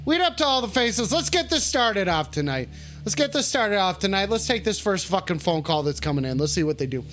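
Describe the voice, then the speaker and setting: A man hosting a call-in livestream, swearing a lot and shouting the same catchphrase over and over. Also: sits high, big pitch swings, brisk, soft background music. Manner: rowdy, swearing, repeats his shouted catchphrase. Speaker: call-in stream host. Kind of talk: profane casual livestream banter.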